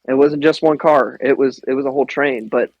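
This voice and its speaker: Talking a little fast in a medium-pitched voice, a man from the Midwest tells energetic airsoft stories as a podcast guest, laughing often and swearing freely. The recording lacks echo and has its high frequencies cut off.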